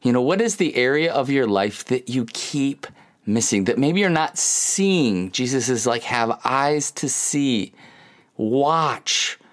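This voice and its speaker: Lively, joking male pastor preaching. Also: medium pitch. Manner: conversational and humorous, acts out quick dialogue. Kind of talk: sermon.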